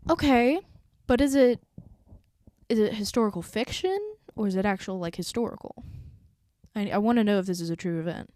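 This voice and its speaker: A woman doing casual let's-play commentary, chatty and thinking out loud as she reacts. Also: fairly high pitch, lively intonation, moderate pace, pauses often. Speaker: YouTuber playing a story game.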